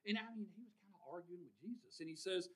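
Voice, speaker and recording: A man preaching a sermon, drawing call-and-response from his congregation and swinging from loud to hushed. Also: sits high, quick pace, breathy edge.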